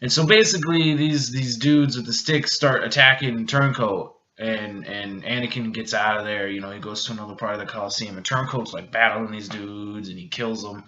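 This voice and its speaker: Drunk man, rambling, joking, bright forceful voice, dull lo-fi recording. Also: lowish voice, steady tone, normal speed, few pauses, slight background noise. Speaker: vlogger. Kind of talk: drunken film recap.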